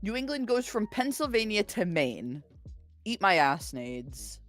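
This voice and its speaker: A woman's voice: medium pitch, big pitch swings, measured pace, faint music behind. A woman guest in a casual stream chat, talking emphatically and combatively with frequent swearing.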